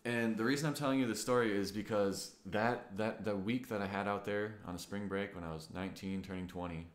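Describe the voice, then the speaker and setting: Speaking a little fast in a lowish voice, the twentysomething vlogger meanders earnestly through a personal story. Fillers and casual swearing run throughout, his tone reflective, with echo from the room.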